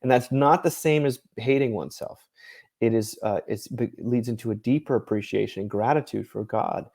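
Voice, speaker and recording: A man's voice: mid-range voice, normal speed, vocal fry, darkish tone. A thoughtful author explaining his ideas. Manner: thoughtful, explanatory, laughs lightly mid-thought. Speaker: author and ministry director, guest. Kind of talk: conversational interview.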